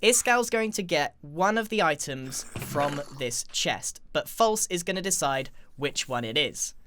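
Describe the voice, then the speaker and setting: A man's voice: fairly high pitch, lively intonation, unhurried, pushed and bright. Upbeat, chatty male game host. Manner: upbeat, chatty, laughs often. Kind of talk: casual gaming chat.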